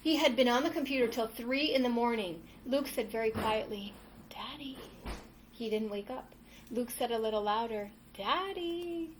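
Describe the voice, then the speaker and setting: High-voiced woman teaching yoga to kids. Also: steady tone, fairly quick, slight background noise. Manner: encouraging, addresses kids as friends, acts out the story's shouts. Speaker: children's yoga instructor. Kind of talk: reading a storybook aloud while leading kids' yoga. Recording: echoey room from some distance.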